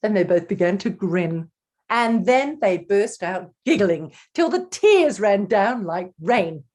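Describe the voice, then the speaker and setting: A woman's voice: mid-range voice, expressive, slow, darkish tone. A woman author reading her picture book aloud to children, theatrical and addressing the young listeners directly.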